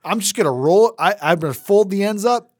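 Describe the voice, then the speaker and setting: A man in his thirties co-hosts a podcast in easy, casual chat. He is animated and laughs often, and his pitch rises and falls widely as he slips into other people's voices. The sound is close and dry, with no room echo. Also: fairly quick. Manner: animated, laughing, mimics voices when telling stories. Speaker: podcast co-host.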